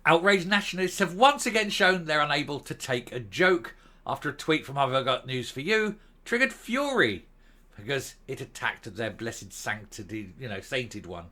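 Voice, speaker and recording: Sarcastic ranting man, lively and bright. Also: mid-range voice, moderate pace. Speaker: host. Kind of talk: political opinion monologue.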